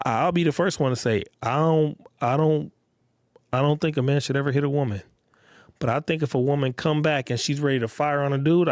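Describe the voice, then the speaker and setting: Alone on his own podcast, a man with a medium pitch talks bluntly and casually, peppering his monologue with profanity and street slang and animating his voice to act out others. The audio is dry and clean, studio style.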